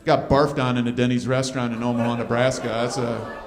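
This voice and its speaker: A man's voice: mid-range voice, level tone, fairly quick. A man in his fifties doing a crude, self-deprecating stand-up comedy set on a club stage. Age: 50s. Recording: live club recording, roomy with crowd laughter.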